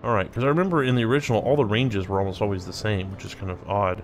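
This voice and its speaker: A man's voice: lowish voice, very fast, slight background noise. A man hosting a let's play, thinking aloud and reading game text as he plays. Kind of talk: casual gameplay commentary.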